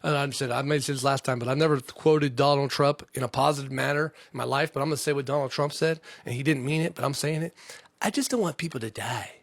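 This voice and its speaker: A man's voice: mid-range voice, steady tone, fast, creaky, hardly any pauses, no echo. A man hosting a comedy podcast alone, rambling, profane and jokey. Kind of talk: rambling solo podcast chat.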